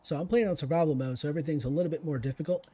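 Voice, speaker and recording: His voice runs high and racing, dark in tone with a breathy edge. A gaming streamer doing laid-back let's-play commentary, he talks to himself and needles the enemies as he goes.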